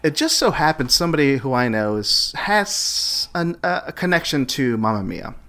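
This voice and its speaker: Halting male podcast co-host. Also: medium pitch, sing-song, sharp tone. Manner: halting, full of restarts and fillers. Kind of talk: casual podcast chat.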